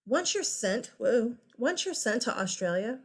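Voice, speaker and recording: A woman's voice: on the high side, sing-song, unhurried. A woman teacher giving a casual classroom lecture, chatty and teasing her students with asides.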